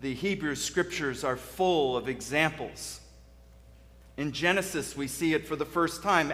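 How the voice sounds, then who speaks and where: A man's voice: a little high, a bit bright. A male interim pastor preaching a sermon in a church sanctuary, telling stories in a conversational way with frequent restarts. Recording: long church reverb.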